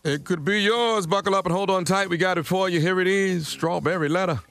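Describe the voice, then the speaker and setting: A man on a morning radio show, hyping up his upcoming comedy dates in an energetic promo style. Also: high-pitched, fast, gravelly, faint music behind. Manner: hype, promo-style delivery.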